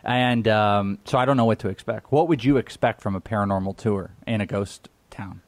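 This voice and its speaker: A man's voice: fairly low pitch, brisk, no room sound. Rambling chatty man, dry close mic. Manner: rambling, laughs often, trails off and restarts. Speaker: podcast co-host. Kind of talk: casual chat.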